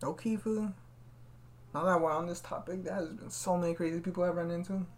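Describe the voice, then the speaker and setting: A man's voice: high-pitched, fairly even intonation, a little fast, a little hiss or hum. Laid-back slangy podcast guy. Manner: slangy, laid-back, keeps saying "fool". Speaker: podcast host. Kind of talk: casual chat, storytelling.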